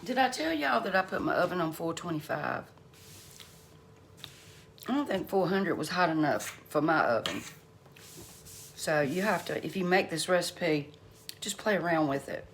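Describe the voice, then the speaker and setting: A woman's voice: lowish voice, expressive, normal speed, pauses often. A middle-aged woman hosting a home cooking channel, chatting folksily to her viewers as she cooks in her kitchen. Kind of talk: casual cooking vlog chat. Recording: noisy home recording.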